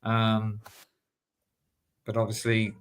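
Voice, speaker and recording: A man's voice: on the low side, completely flat delivery, drawn-out words, a bit bright, a little hiss or hum. An English man in a casual livestream chat, greeting viewers by name and laughing often. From England.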